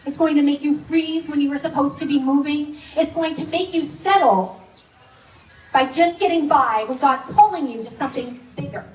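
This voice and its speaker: High-pitched woman chatting through a sermon, kinda far from the mic in a roomy hall. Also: moderate pace. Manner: conversational, storytelling, many fillers. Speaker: speaker. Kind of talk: sermon with personal story. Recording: echoey hall, mic from a distance.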